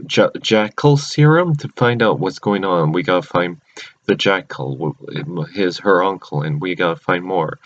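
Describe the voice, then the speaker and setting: A man with a lowish voice giving a casual, rambling recap of cartoon episodes, and he keeps stopping to restart or correct himself. The recording sounds dull and lo-fi.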